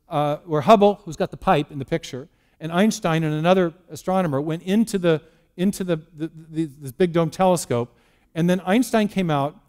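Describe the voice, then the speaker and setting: A man's voice: on the high side, a little mellow. A man giving a lecture on science and faith in a church, telling it as a story with restarts and rhetorical questions. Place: church hall.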